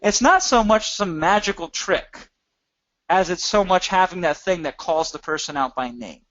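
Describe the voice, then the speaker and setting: A man's voice: sits high, lively intonation, normal speed, a bit bright, no room sound, dull audio. A man teaching a recorded training session, talking emphatically and asking many rhetorical questions. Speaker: course instructor.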